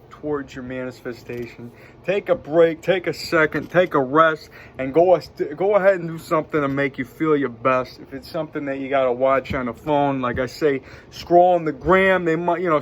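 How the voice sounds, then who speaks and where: A man's voice: on the high side, a little hiss or hum. A man giving an upbeat, rambling motivational vlog talk full of catchphrases. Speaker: vlogger and self-styled spiritual guide.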